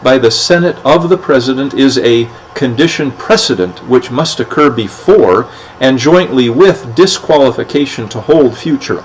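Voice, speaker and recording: A man's voice: medium pitch, a little hiss or hum, poor audio. Plainspoken man reading legal text. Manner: plainspoken, halting with many fillers and restarts. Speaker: podcast host. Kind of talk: reading and explaining legal documents.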